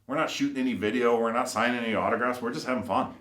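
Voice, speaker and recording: A man's voice: medium pitch, racing, fairly bright tone. A man who builds custom cars tells casual, rambling anecdotes full of fillers and acted-out quotes. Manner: rambling, filler-heavy, acts out quoted voices. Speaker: custom car builder and shop owner. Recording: roomy echo.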